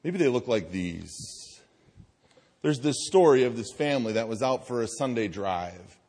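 A male pastor preaching a sermon, telling a story and acting out voices, slowing and softening on key phrases. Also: medium pitch, lively intonation. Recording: long hall reverb.

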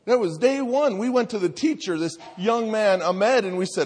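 A man in his thirties preaching, telling a family story in a lively way and acting out the voices of the people in it. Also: sits high, moderate pace, hardly any pauses, breathy edge. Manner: animated storytelling, acts out voices. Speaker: pastor. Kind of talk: sermon with personal story. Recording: reverberant hall.

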